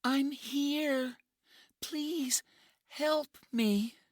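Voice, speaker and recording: A man doing a hurt young woman, high and pleading. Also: very slow, no echo, studio quality, heavily acted. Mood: frightened. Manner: pleading, breathless cries. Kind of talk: storybook reading.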